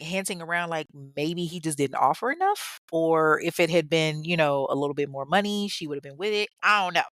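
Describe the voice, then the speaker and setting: A woman's voice: mid-range voice, fairly bright tone, dry recording, studio quality. A young woman retelling a true-crime story in casual talk, blunt and profane, with mocking asides.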